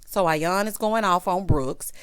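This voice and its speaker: Speaking in a lowish, clear, resonant voice at a measured pace with no echo, a woman gives a casual commentary recap of a reality TV episode. She is sassy and dramatic, imitating the cast's lines and addressing the viewer as "honey" and "child."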